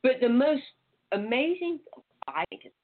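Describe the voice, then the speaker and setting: Casting: higher-voiced Louisiana woman, chatty and loose, heard over a tinny phone line. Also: big pitch swings, normal speed. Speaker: guest, sex educator. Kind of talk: casual chat.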